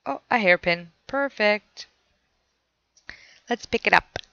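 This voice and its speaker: A woman's voice: medium pitch, lively intonation, slow, vocal fry, sharp tone, smooth, no room sound, lo-fi sound. A woman streamer playing a horror game, chatting with her viewers and reading the notes she finds aloud. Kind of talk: casual let's play commentary.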